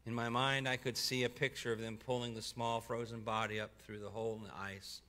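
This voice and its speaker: A man reading a first-person story aloud at a church service, expressively, slowing and softening for grave moments, with occasional stumbles and self-corrections. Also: medium pitch. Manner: expressive, slows down and drops soft for grave moments.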